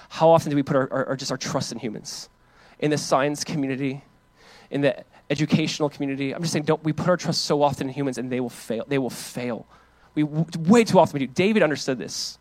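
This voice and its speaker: A man in his thirties, a pastor, preaching a sermon in a casual, conversational way, full of fillers and animated when he reads or quotes. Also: on the high side, fast talker, no echo.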